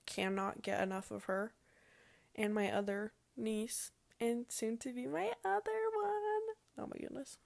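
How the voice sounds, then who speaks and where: A woman's voice: medium pitch, vocal fry, no echo. A young adult woman casually telling a personal story to her viewers, chatty and emotional, with lots of "like". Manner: chatty and emotional, says "like" often. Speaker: vlogger.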